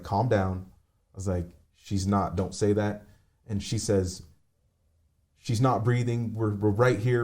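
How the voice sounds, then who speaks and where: Male guest, low mellow voice, halting heartfelt storytelling over a remote call. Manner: halting, with many fillers and restarts. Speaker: podcast guest. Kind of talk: emotional personal storytelling.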